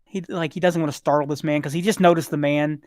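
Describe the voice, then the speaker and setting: A man narrating as dungeon master of a tabletop game, halting, with many fillers. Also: on the high side, dry recording, clean studio sound. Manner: relaxed, halting, many fillers, voices characters lightly.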